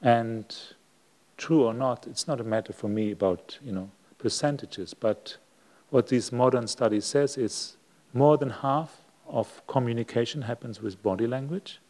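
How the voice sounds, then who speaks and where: Calm, slow-spoken monk giving a talk. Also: male voice, mid-range voice. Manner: slow, reflective, with long pauses. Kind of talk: sermon. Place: monastery hall.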